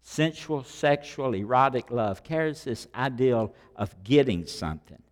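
A man preaching a sermon, emphatic, repeating key phrases and swinging between loud and quiet. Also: mid-range voice, animated, unhurried. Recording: long hall reverb.

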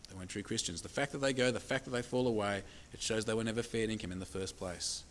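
A man preaching a sermon, emphatic, asking the congregation rhetorical questions and slowing down to stress key points. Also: lowish voice, fairly even intonation, a little hiss or hum. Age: adult with children.

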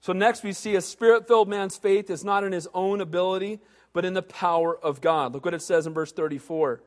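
A man with a notably high voice preaches a sermon in a hall with a long, ringing reverb. He reads scripture and then bursts into animated retellings, voicing the characters himself. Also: a little fast. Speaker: pastor.

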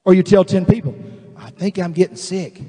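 A male pastor preaching a sermon, animated and emphatic, acting out voices of the people he describes. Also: high-pitched, fairly quick, husky, long reverb tail. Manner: animated, acts out quoted voices, builds to emphatic declarations.

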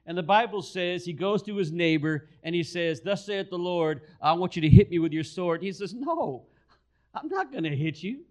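A man's voice: high-pitched, fairly even intonation, fairly quick, few pauses, darkish tone. A man preaching a sermon, telling a story and repeating key phrases for emphasis. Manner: storytelling, acts out quoted voices.

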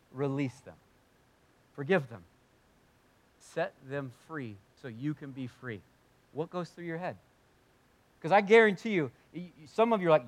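A man delivering a casual, heartfelt sermon in a church hall. His voice sits a little high, and he leans hard into emphasis before falling quiet and intimate. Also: animated, normal speed. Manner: earnest, conversational, swings from loud emphasis to hushed. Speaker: pastor.

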